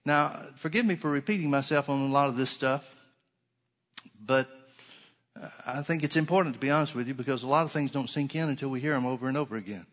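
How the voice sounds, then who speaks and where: A man delivers a sermon in an earnest voice, repeating key phrases and slowing down to draw out the scripture he quotes. His pitch is medium and a little bright.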